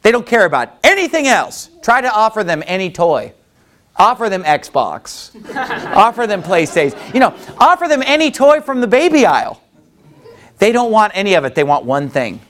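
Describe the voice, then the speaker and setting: A man preaching a sermon as pastor, animated and full of rhetorical questions, reading scripture in old-fashioned wording. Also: high voice, moderate pace.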